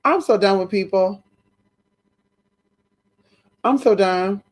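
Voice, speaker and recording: A woman's voice: medium pitch, normal speed, long pauses, darkish tone. A tired woman hosting a casual live stream, chatting to her viewers and calling them girl and honey.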